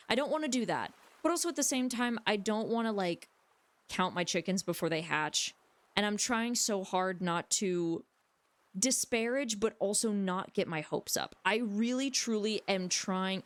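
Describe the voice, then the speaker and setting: A woman livestreamer rambling and joking with her chat from a room at home. Her voice sits in a middling pitch on a dry, close streaming mic with no room echo. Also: expressive, measured pace.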